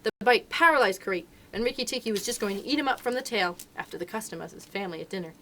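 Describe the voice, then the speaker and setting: A woman, a children's librarian, reading a storybook aloud with expressive, lively narration. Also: mid-range voice, racing, a little hiss or hum.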